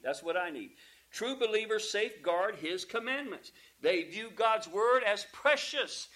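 A man preaching a sermon, emphatic, asking the congregation rhetorical questions and calling for amens, dropping from loud peaks to quiet asides. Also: sits high, rough recording.

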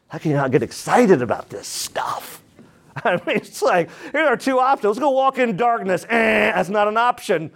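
High-voiced, fervent male preacher. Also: normal speed, creaky. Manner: energetic, emphatic preaching with call-and-response. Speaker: pastor. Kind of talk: sermon. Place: church.

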